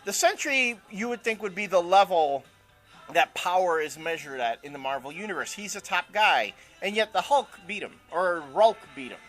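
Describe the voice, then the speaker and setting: High-pitched man, bright voice, opinionated co-host, rambling chat, faint music behind. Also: animated, moderate pace. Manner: opinionated, rambling with many fillers. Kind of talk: casual podcast chat.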